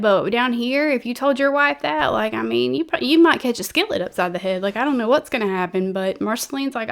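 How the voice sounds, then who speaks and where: A woman's voice: fairly high pitch, fairly bright tone. A woman, hosting a true crime channel and telling the story in a chatty, rambling way full of fillers and restarts. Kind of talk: casual storytelling monologue.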